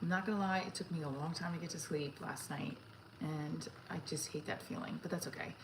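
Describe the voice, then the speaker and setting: Casual home vlogger, woman in her 30s, lowish voice, noisy phone-mic sound, rambling chatter. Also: steady tone, fairly quick. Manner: chatty, rambling, talks while making coffee. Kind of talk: casual livestream chat. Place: home kitchen.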